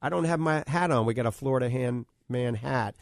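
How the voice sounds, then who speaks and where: A man hosting a talk radio show, chatting casually and reading out phone numbers slowly. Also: medium pitch, creaky, dry recording, clean studio sound. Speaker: radio show host and eye doctor. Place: radio studio.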